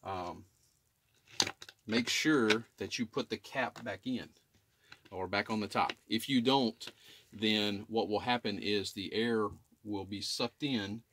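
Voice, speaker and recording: Filming himself on camera in a home attic, a middle-aged HVAC technician with a somewhat low voice demonstrates maintenance in a casual how-to, with background noise behind him. He explains things plainly and keeps pausing to ask "okay?" so viewers can follow along.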